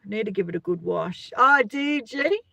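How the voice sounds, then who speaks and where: The livestream host, a middle-aged Australian woman, talks in an animated, mid-range voice with vocal fry, pushed and bright, at a moderate pace with no echo. She chats casually and rambles, reading comments and greeting viewers by name.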